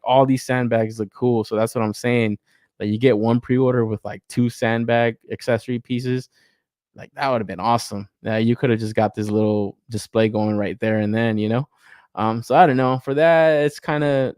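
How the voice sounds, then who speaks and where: Swearing, animated male toy podcaster. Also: dry recording, clean studio sound. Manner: animated, swears a lot, laughs often, rants with rising pitch. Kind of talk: casual review chat.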